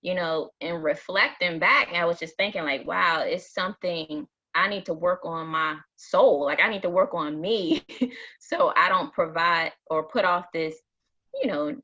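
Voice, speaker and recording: Woman, reflective panel talker, laughs easily; bright but raspy voice, muffled lo-fi audio. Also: on the low side, measured pace. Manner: reflective, candid, laughs often. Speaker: mom and educator in panel talk. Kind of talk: casual group conversation. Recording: dull, husky lo-fi sound.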